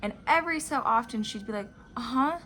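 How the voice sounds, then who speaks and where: A woman with a somewhat low voice talks to her viewers in a relaxed, reflective monologue. She tells stories in a chatty way, leaning on "like" as a filler, with a faint hiss of background noise. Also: normal speed. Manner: chatty storytelling with frequent "like" fillers. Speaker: vlogger discussing spiritual teachings.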